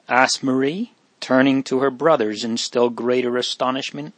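A man reading an old-fashioned storybook aloud at a steady, measured pace. His pitch sits in the middle of the usual range. The recording is close and dry, with no echo. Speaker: narrator. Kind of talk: storybook audiobook narration.

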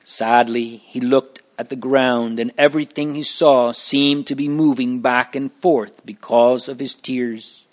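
A man narrating a storybook in a slow, measured, plain reading manner. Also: mid-range voice, steady tone.

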